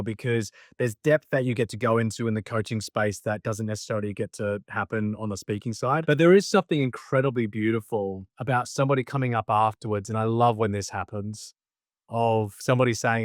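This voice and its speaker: Young male guest, thoughtful and earnest, close dry mic, mid-pitched voice. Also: a little fast, dry recording. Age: young adult. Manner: reflective, earnest, repeats himself while thinking. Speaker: guest speaker and coach. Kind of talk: conversational interview.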